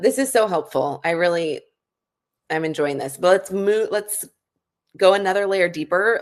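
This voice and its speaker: A podcast co-host who affirms the other speaker and steers the conversation onward. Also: mid-range voice.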